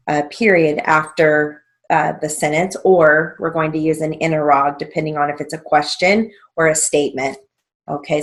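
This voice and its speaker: A woman teaching court-reporting theory in an unhurried, measured way. Her voice sits a little low, and she reads each drill phrase with its comma or period spoken aloud. She breaks in to spell words out letter by letter. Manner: deliberate, spells out letters, says punctuation aloud. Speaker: stenography theory instructor. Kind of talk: slow dictation of drills with explanations.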